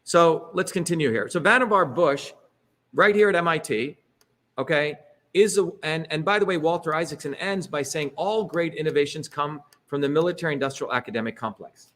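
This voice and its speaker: Emphatic middle-aged man, higher-pitched. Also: fairly quick, fairly bright tone. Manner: emphatic, rhetorical, peppers lines with "okay?" and "right?". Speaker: speaker leading a political talk. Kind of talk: animated public talk with slides.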